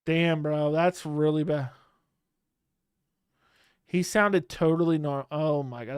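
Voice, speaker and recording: Chatting over viewer comments on a home live stream, a man speaks slowly with long pauses into a studio mic held close. His voice is smooth, crisp and slightly high for a man, his talk blunt and slangy, often trailing off, and the sound is dry, close and echo-free with no room around it.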